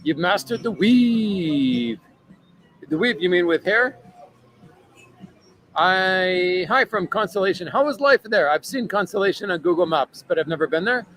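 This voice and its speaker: Over soft background music and poor audio, a streamer with a high-pitched, fairly bright voice chats animatedly at a measured pace from a bar or restaurant. He reads viewers' chat, rambles with lots of fillers, and keeps ending lines with "right?"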